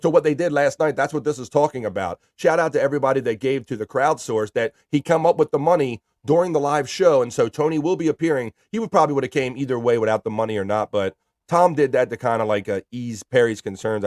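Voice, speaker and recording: A man's voice: medium pitch, quick pace, a little mellow, no echo, studio quality. A man hosting a live stream in casual chat, reading viewer messages aloud in an upbeat, chatty way.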